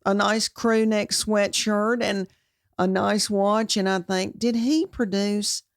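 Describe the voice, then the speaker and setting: A woman's voice: mid-range voice, steady tone, slow pace, no room sound, clean studio sound. A woman from Tennessee with a Southern American accent, a comedian telling folksy stories in a casual interview. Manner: folksy, storytelling, playful quoted voices. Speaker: comedian guest. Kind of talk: casual storytelling chat.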